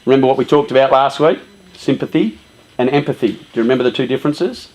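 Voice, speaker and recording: A man giving a casual, lively talk to a youth group, often saying "you know" and "um". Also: medium pitch, fast talker.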